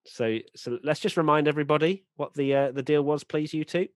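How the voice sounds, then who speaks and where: A man's voice: on the high side, brisk, no echo, clean studio sound. A British man hosting a casual podcast chat, leading the talk and teasing his co-hosts. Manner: lively, teasing, leads the grading. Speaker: podcast host.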